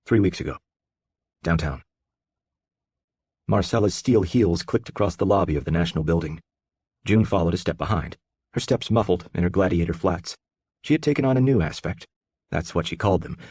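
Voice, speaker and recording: A man narrating an audiobook in a steady, measured storytelling voice. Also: sits low, husky, no room sound. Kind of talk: scripted narration.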